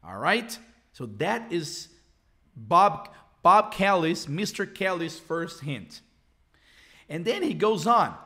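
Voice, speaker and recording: A Brazilian man with a Brazilian Portuguese accent teaching a live English lesson. He repeats phrases slowly and mixes in explanations in his native Portuguese. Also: on the high side, very animated, pushed and bright.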